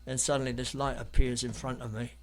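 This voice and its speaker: Talking fast with a flat delivery, a mid-range-voiced artist from London, England, tells stories as an interview guest. His anecdotes come out rambling and hesitant, with many ums and restarts.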